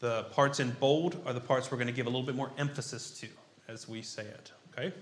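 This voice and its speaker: A man preaching a sermon. He talks in an unhurried, halting way with frequent fillers and leads a scripture reading. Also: medium pitch, steady tone, slight background noise. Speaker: pastor. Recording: roomy echo.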